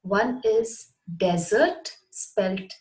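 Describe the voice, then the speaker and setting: Taking her time, the teacher walks her viewers through a scripted English lesson and spells words out one letter at a time. Her voice sits in a middle range and sounds a little mellow, though the recording is rough.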